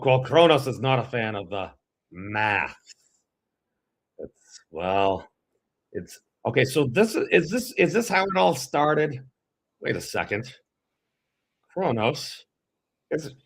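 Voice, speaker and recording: A man's voice: on the low side, a bit bright. A man from New England, co-hosting a podcast and giving rambling, self-interrupting commentary while reading an article. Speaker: podcast co-host.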